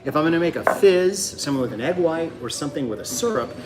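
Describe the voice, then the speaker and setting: A man's voice: fairly high pitch, lively intonation, fast talker, background noise. Rambling man hosting a home cocktail show. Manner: joking, rambling explanations with many fillers. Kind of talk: casual cooking chat. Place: home kitchen.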